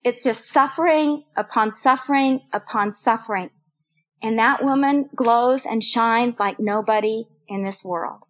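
A woman's voice: a little high, unhurried, a bit bright. An older woman teaching a women's Bible study, earnest and personal, repeating phrases for emphasis. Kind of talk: sermon.

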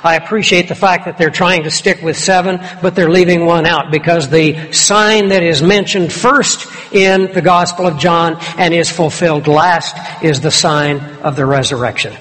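A male preacher with a notably high voice delivers an expository sermon, leaning hard on key words. His voice rings out with a long reverb tail, as in a church sanctuary. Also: normal speed, hardly any pauses, a bit bright.

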